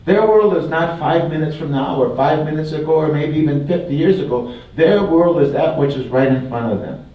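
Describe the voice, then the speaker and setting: In a fairly high voice and at a moderate pace, an older Wisconsin man gives a public talk as a guest speaker, folksy and humorous, with phrases he keeps repeating. The hall recording sounds distant, roomy and dull, and the audience can be heard laughing.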